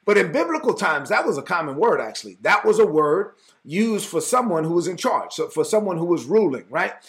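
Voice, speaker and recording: A man with a high voice preaches an informal Bible teaching. He talks straight to his listeners in a conversational, lively way, and he acts out the people in the story as he goes. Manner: conversational, animated, acts out dialogue. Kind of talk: casual sermon teaching.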